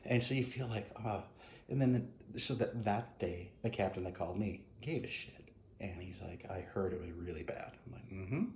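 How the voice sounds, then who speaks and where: Retired cop, middle-aged man, deep voice, halting and candid, recorded in a roomy space. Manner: halting, frank, drops soft quoted asides. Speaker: retired police officer. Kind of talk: interview storytelling. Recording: echoey room with faint noise.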